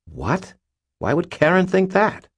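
A man's voice: low-pitched, very animated, normal speed, breathy edge, full character voice. A man voicing a small, clever, exasperated man who speaks up sharply.

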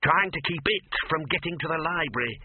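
A man's voice: a little high, a little fast, slightly rough, no echo, voice pushed up. A man voicing a fussy older wizard who explains things in a lecturing way, on a tinny phone-like recording. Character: fussy older male wizard, know-it-all.

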